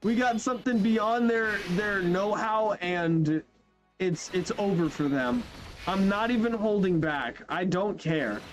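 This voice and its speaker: A young man giving casual, animated commentary while playing a game, chatting loosely, saying bro and yo, and trailing off mid-sentence. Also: high voice, measured pace. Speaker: gaming YouTuber. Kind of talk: casual let's-play commentary. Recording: faint game music behind.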